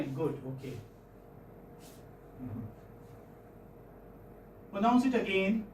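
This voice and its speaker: A man with an Indian English accent teaching phonetics in a classroom, questioning students and repeating sounds slowly. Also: sits high, expressive, darkish tone, a little hiss or hum. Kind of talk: classroom lecture. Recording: echoey classroom, far-off mic, faint ambience.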